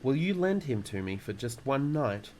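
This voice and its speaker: A man's voice: medium pitch, very animated, normal speed, darkish tone, a little hiss or hum, voice pushed up, close to an everyday voice. A man voicing a clever, determined little girl in a storybook reading, speaking earnestly.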